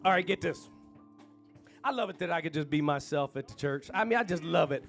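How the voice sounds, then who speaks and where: A man preaching a sermon in a church, trading folksy, chatty asides to the congregation for fervent, shouted refrains. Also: a little high, expressive, fairly quick, gravelly, soft background music.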